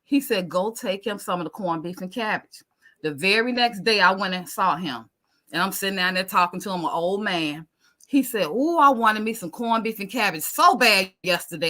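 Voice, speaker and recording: A woman tells a story with great animation, jumping between her own voice and the people she quotes. Her tone is bright and forward, and the telling is expressive and conversational. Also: medium pitch. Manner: expressive, acts out dialogue, Southern American speech patterns. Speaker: guest giving testimony.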